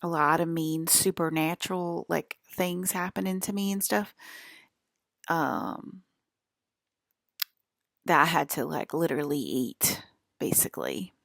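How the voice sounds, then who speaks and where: Gravelly low-voiced woman ranting. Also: expressive, a little slow, long pauses, a bit bright, no echo, studio quality. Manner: emphatic, profane, keeps asking "okay?". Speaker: vlogger. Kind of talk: rambling casual monologue.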